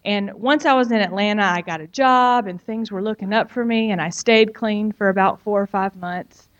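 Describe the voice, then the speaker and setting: A woman's voice: medium pitch, normal speed, muffled recording. A woman giving a personal testimony, telling her story frankly and turning to the listener with emphatic asides.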